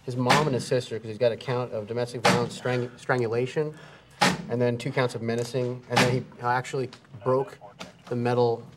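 A man's voice: medium pitch, flat delivery, fairly quick, heavy background noise. A man working as a police officer, recounting an arrest in a matter-of-fact way. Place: jail booking area.

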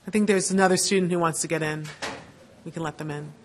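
Low-voiced woman introducing a lecture. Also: steady tone, fast, slight background noise. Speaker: law school dean introducing a lecture. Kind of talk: formal lecture introduction with personal anecdotes. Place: lecture hall.

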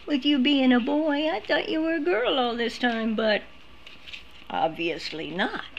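A woman's voice: high voice, animated, measured pace, gravelly, muffled recording, slight background noise. A woman streaming live on her phone, chatting casually and cooing in baby talk to a litter of puppies. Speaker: service dog puppy caretaker streaming a litter.

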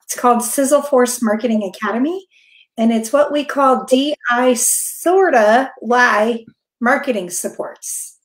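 A middle-aged woman with a fairly high voice coaches listeners on marketing. She talks in an upbeat, direct way and keeps checking in with them. Her voice echoes around a roomy space. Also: a little slow. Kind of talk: presenting on a business webinar. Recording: roomy echo.

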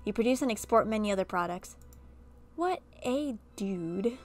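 A woman reading an interactive horror story game aloud and breaking off for animated, chatty reactions. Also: medium pitch, moderate pace, faint music behind. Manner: animated, chatty asides between narration. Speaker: gaming video creator.

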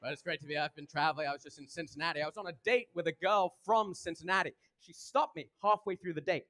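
A young man from England with an English accent doing a deadpan stand-up comedy set and acting out both sides of dialogues. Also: on the high side, quick pace. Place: comedy club stage. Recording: loud noise and clicks.

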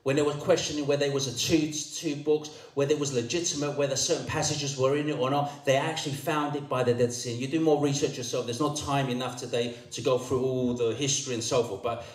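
Older archbishop, emphatic sermon delivery, echoey hall sound. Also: male voice, medium pitch, fairly even intonation, fast, hardly any pauses. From Cyprus. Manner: emphatic, rising to raised proclamations, repeats words. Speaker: archbishop preaching. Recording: echoey church sound from far off.

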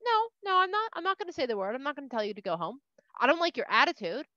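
Woman voicing a stern angel, scolding, bright tone, dull dry sound. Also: sits high, big pitch swings, fast, no echo, heavily acted. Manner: scolding, casual. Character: stern sword-holding angel.

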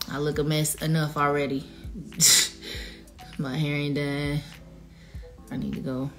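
A woman in her thirties chatting loosely on a livestream, her voice sitting a little low. She is teary and choked up, holding back tears while reading out viewers' names. Faint music plays behind her. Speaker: singer addressing livestream viewers. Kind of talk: emotional livestream chat.

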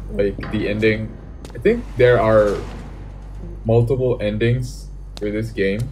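A man's voice: on the low side, fairly even intonation, slow, darkish tone, soft background music. A young man, commenting jokingly on a horror game as he plays and talking back to its characters. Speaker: gaming YouTuber.

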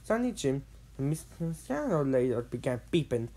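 A woman narrating a children's storybook read-along with expressive, dramatic delivery. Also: extremely low pitch, moderate pace.

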